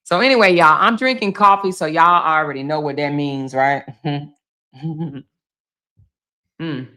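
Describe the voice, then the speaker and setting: A woman's voice: low voice, slow, sharp tone. A woman from Chicago hosting a casual livestream from home, reading out chat comments and reacting in an emphatic, chatty way, swearing freely and calling viewers baby and girl. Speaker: blogger and livestream host. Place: home, indoors.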